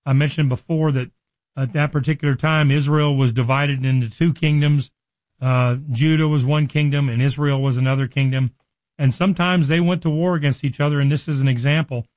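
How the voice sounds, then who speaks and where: A man's voice: a little high, fairly even intonation, a little fast, a little mellow, no room sound. A man teaching from the Bible on a radio program, earnest and conversational, now and then acting out the lines he quotes.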